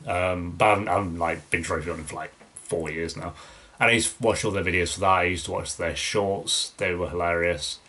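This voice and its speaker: Low-voiced rambling young man. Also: fairly even intonation, a little fast, bright, forceful tone. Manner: rambling, loose, many fillers and restarts. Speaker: YouTube reaction channel host. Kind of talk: casual Q&A, reading viewer questions.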